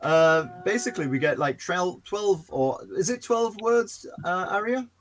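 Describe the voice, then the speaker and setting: Lively laughing male podcast host. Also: measured pace. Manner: playful, laughs often, lively pitch. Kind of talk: casual chat.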